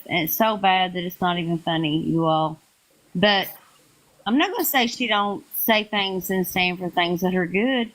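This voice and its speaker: A woman with a mid-range voice hosts a live stream. She answers accusations calmly and speaks in a measured, reassuring way. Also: medium pitch, poor audio.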